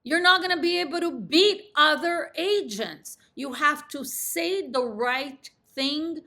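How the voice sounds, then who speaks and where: Slow, bright-voiced woman real estate coach. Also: gravelly. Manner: emphatic, confident, drops pitch at sentence ends. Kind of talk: instructional talk to camera.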